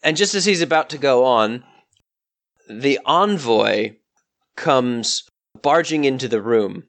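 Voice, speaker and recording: Slow, measured game master man. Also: mid-range voice, lively intonation, a bit bright. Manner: descriptive, measured storytelling. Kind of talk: narrating a tabletop game.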